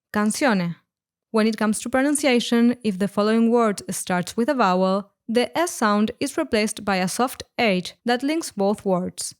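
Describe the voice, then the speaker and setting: A woman narrating a scripted language lesson, explaining words clearly and slowing down on each example. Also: fairly high pitch. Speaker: Spanish teacher.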